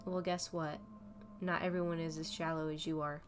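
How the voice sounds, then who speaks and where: A woman's voice: sits low, flat delivery, moderate pace, music in the background, lightly acted. A woman voicing a spiteful teenage girl who talks in a sarcastic, sneering way. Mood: scornful.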